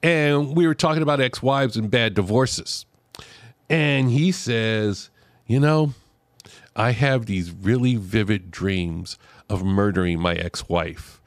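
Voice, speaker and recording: A man's voice: fairly low pitch, slow, no echo. A man guesting on a podcast, telling a joking story in casual chat and laughing as he talks. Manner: jokey, laughs while talking.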